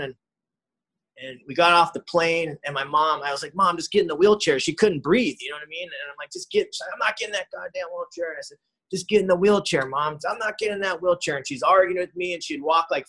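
A man's voice: on the high side, a bit bright, poor audio. A man in his forties speaking at a recovery meeting, telling a personal story in a rambling, conversational way with many restarts. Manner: rambling, conversational, frequent restarts and "you know".

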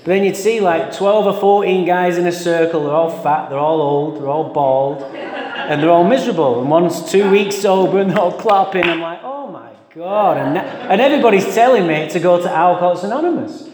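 A man's voice: sits high, fairly quick, a little mellow. A middle-aged man from England with an English accent, giving a humorous, profane, self-mocking talk to a meeting audience. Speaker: speaker at a recovery meeting. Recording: echoey hall with long reverb.

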